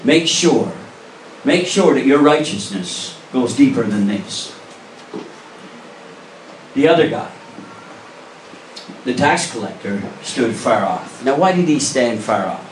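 A man's expressive mid-range voice carries slowly through a church sanctuary, with long pauses, as he preaches earnestly and emphatically and presses the congregation with direct questions. The recording is distant and echoey, with slight hiss or hum.

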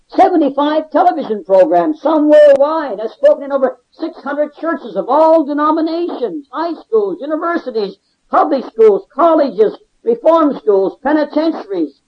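A man, a former convict, giving a fervent religious testimony with emphatic, repetitive exclamations of praise. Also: very high voice. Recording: dull lo-fi tape recording.

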